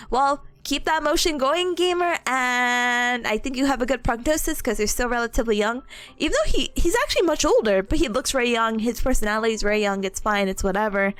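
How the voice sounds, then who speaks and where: Young woman streamer, bubbly and giggly, high animated voice. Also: a little fast, faint music behind. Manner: bubbly, giggly, storytelling with excited quoted voices. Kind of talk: casual chat with viewers.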